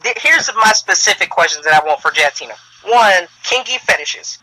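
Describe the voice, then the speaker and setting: A man's voice: high voice, lively intonation, moderate pace, bright, forceful tone, dry recording, poor audio. A man co-hosting a podcast, asking blunt questions in a joking way and tripping over his words. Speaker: podcast co-host. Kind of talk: casual interview chat.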